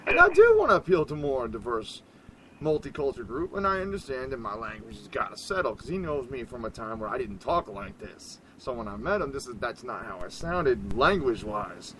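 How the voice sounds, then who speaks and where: A man hosting an internet radio show in casual talk, rambling and animated, laughing often and swinging between loud bursts and hushed asides. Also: mid-range voice, fairly quick, slight background noise, low-quality recording.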